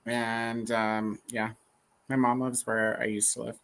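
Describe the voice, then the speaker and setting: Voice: medium pitch, flat delivery, measured pace, fairly bright tone. A casual speaker from Central Texas, chatting in a folksy, easygoing way. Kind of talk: casual chat.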